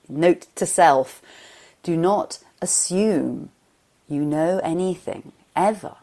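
A woman who teaches mindfulness talks freely in a podcast interview. Her voice is somewhat low and warm, never sharp. She rolls from point to anecdote in a lively, talkative way. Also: slow pace. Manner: chatty and expressive, tells anecdotes. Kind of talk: conversational interview answers.

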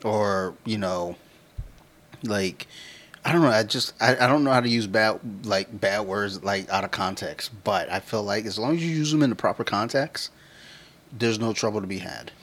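A man's voice: lowish voice, normal speed, a bit bright. Casual, cussing man telling stories. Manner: loose, profane storytelling; laughs often while talking. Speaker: podcast co-host. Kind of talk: casual chat.

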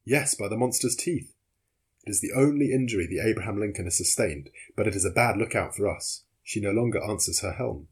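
A man doing a calm, loyal young manservant. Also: on the low side, breathy edge. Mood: composed. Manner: polite, formal, unhurried. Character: calm, loyal young male servant, unflappable.

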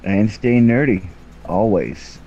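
A man's voice: fairly low pitch, animated, mellow, dull audio, a little hiss or hum. A man co-hosting a podcast, joking in a laid-back, easygoing way. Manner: slow, jokey, laid-back. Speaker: podcast co-host. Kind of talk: casual podcast chat.

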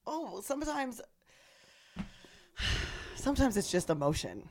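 Woman, thirties, lively up-and-down pitch, laughs a lot, teasing, casual podcast chat. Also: measured pace, a little hiss or hum. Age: 30s. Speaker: podcast co-host.

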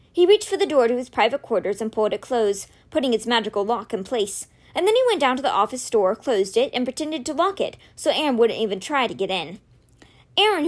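A woman reading a novel aloud with expressive, animated storytelling. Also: fairly high pitch. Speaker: audiobook reader.

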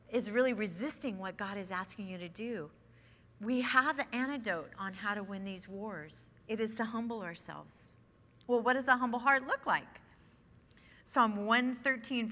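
A woman's voice: fairly high pitch, sharp tone. A middle-aged woman teaching a women's Bible study in an earnest, conversational way. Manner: earnest, conversational, with nervous laughs. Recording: long hall reverb.

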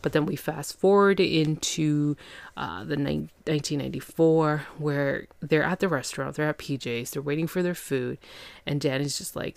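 A woman with a low, gravelly voice chats through a show recap as a podcast host. She is worn out from a long day and rambles with lots of fillers, slipping into quick impressions of the characters. The sound is close and dry. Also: no room sound. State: tired after a long day. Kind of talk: casual chat.

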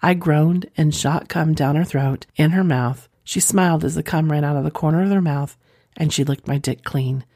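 A woman's voice: low voice, moderate pace, mellow, dry recording, studio quality. A woman podcast host reading a listener's letter aloud and chatting playfully with her audience in rambling asides.

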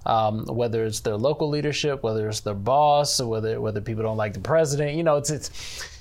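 A man who directs a church ministry, speaking earnestly in an interview about faith, measured and leaning on "you know.". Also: mid-range voice, a little mellow.

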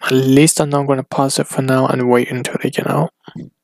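A man rambles through his solo podcast from home in a gravelly voice that sits in an ordinary mid range. He stops and restarts his sentences often and fills the gaps. The sound is close and dry, with no room echo. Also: mid-range voice, flat delivery, darkish tone. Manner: hesitant, halting, full of restarts and fillers. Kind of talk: rambling casual monologue.

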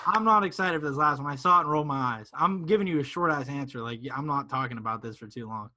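A man's voice: a little high, fast talker, sharp tone. A man co-hosting a casual sports podcast, ranting emphatically. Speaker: podcast co-host.

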